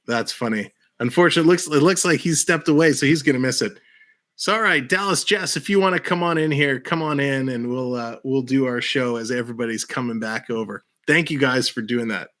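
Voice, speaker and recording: A man's voice: medium pitch, fairly quick, a bit bright. A man hosting a livestream in casual chat, upbeat and laughing often. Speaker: livestream host.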